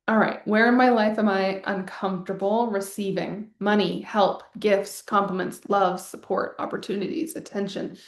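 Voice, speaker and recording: A woman with a mid-range voice, recorded with roomy sound, coaches a group in a live online wealth masterclass. Her talk is casual and rambling, broken up by sighs and the occasional swear word.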